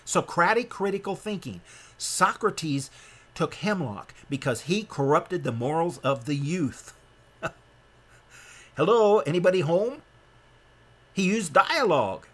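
A man's voice: sing-song, measured pace, a bit bright. A man from Nebraska delivers a heated sermon-style lecture in a slightly raised voice. He talks emphatically and in a rambling way, doubling back on his words and restarting sentences as he pushes his point. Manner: emphatic and rambling, with frequent restarts and sudden rises in pitch.

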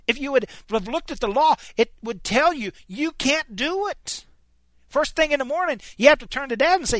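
A man's voice: extremely high pitch, lively intonation, brisk, a bit bright, no room sound. A man preaching a sermon, emphatic and stopping often to restart his words. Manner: emphatic, frequent stammered restarts.

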